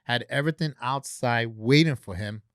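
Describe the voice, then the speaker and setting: A man on a podcast, telling a long story in a casual, animated way and acting out the people he quotes. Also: mid-range voice, moderate pace, no room sound, studio quality. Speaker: guest, convention organizer.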